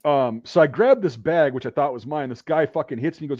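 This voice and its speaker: A man's voice: a little high, a little fast, a little mellow, no room sound. A man hosting a podcast, telling a rambling war story in casual, profanity-heavy talk. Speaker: podcast host. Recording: dull dry recording.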